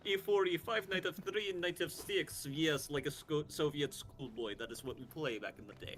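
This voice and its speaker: A man's voice: on the high side, moderate pace, a bit bright, soft background music, close to an everyday voice. Man putting on a swaggering Russian chess veteran. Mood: boastful. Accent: put-on Russian. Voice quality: mocking, swaggering.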